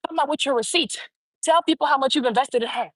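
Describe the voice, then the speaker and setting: A woman's voice: sits high, quick pace, a bit bright, no echo. A woman hosting her own show, giving heated, profane opinion commentary and repeating phrases for emphasis. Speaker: show host.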